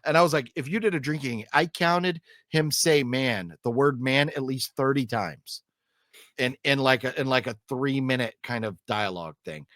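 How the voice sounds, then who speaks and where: A man's voice: medium pitch, normal speed, fairly bright tone, no room sound, clean studio sound. A man co-hosting a casual film review chat, rambling with lots of fillers and restarts and griping emphatically. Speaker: co-host reviewing films.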